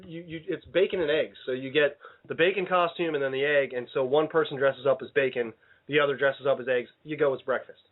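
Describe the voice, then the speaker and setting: Through tinny, phone-like sound, a man with a steady, mid-range voice speaks briskly as host of a casual radio program in a studio. He rambles, plays around, and often stops himself mid-sentence.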